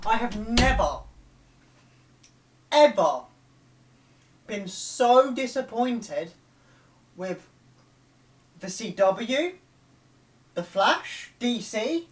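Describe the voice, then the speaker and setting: A man's voice: very high-pitched, big pitch swings, extremely slow, long pauses. Angry man ranting. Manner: angry ranting with frequent swearing and outbursts. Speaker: reaction video host. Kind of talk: live reaction vlog.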